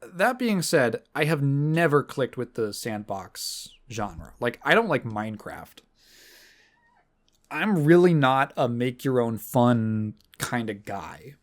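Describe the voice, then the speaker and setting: A man's voice: medium pitch, expressive, takes it slowly. A man hosting a podcast in casual chat, rambling and sardonic, swearing freely with lots of fillers and restarts. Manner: fillers and restarts, mocking quoted voices. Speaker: podcast host.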